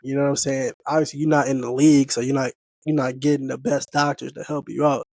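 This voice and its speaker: A man with a Midwestern American accent hosting a podcast, asking relaxed, conversational questions full of slang. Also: medium pitch, quick pace, vocal fry, dry recording. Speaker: podcast host. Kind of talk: casual interview.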